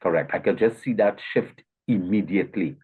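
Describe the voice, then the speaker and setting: Co-host: a man with a low, husky voice who agrees and adds brief points, heard through a thin, phone-like recording. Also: brisk. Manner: affirming, chimes in with short agreements. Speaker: co-host in a faith talk show. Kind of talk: casual agreeing conversation. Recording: tinny phone-like sound.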